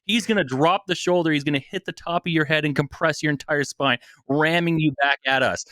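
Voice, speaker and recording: A man's voice: fairly high pitch, brisk, bright, forceful tone, dry recording, clean studio sound, pitched above the performer's own voice. A man putting on a brutal male footballer who boasts about smashing a rival. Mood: menacing.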